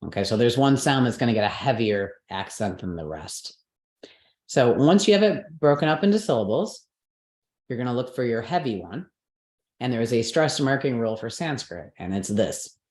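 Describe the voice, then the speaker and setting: A woman's voice: very deep voice, animated, normal speed, a little mellow. Patient woman teaching in a roomy space. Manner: patient, checks understanding with frequent "right?" and "okay". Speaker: Sanskrit pronunciation teacher. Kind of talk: explanatory online class. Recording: roomy echo.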